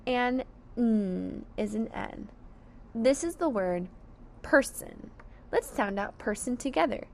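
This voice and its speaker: A woman's voice: a little high, lively intonation, takes it slowly, vocal fry, darkish tone, slight background noise. A woman teaching a phonics lesson to young children, sounding out each word syllable by syllable with careful enunciation.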